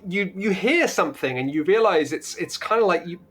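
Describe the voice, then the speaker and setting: A man's voice: high voice, lively intonation, brisk, a bit bright, husky. A man running a tabletop role-playing game as game master, narrating in a playful, rambling way with sound-effect noises.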